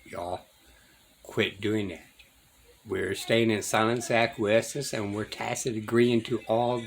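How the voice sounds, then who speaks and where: A man's voice: on the low side, fairly even intonation, slow, vocal fry, a little hiss or hum. A man commenting on a video, speaking in a preachy way and addressing his viewers directly.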